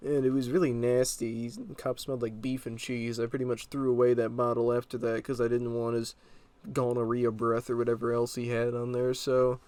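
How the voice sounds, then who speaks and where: A man's voice: mid-range voice, little pitch movement, fairly quick, a little mellow, no room sound. A young man casually telling a story, rambling and exasperated with lots of fillers.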